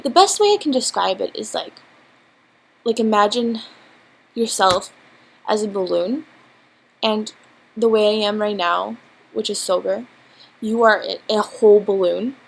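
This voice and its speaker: A woman's voice: mid-range voice, vocal fry, breathy edge, low-quality recording. A young woman telling a storytime vlog at home into a laptop mic, rambling and giggly with many fillers. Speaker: vlogger. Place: home, indoors. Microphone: built-in laptop mic.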